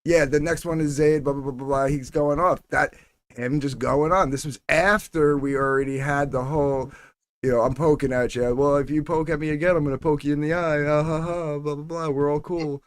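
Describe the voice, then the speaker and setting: Chatty co-host man, fairly high voice. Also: steady tone, fairly quick, smooth, dry recording. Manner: storytelling, quotes himself, many fillers. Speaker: podcast co-host. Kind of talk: casual chat.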